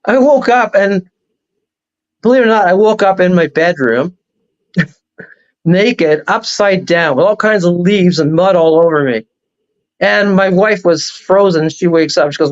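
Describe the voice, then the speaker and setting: A man speaking as a show guest, telling a long personal story in a rambling, animated way. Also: high voice, normal speed, highs cut off. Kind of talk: casual storytelling on a talk show.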